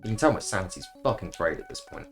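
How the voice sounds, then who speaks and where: A man's voice: lowish voice, huge pitch swings, fast. A man streaming a video game, rambling in a sarcastic, playfully profane way. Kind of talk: casual rambling stream commentary. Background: background game music.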